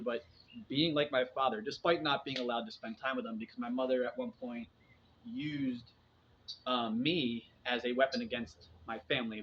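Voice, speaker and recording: A man in his forties talking in a casual, rambling monologue to his viewers, often restarting his sentences and dropping in fillers. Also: medium pitch. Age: 40s. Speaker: vlogger sharing personal experience. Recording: dull lo-fi sound with faint background noise.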